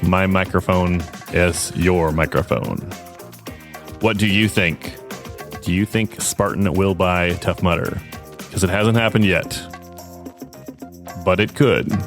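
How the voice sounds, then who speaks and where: A man hosting a podcast interview in a casual, chatty way, often trailing off and restarting. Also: deep voice. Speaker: podcast host.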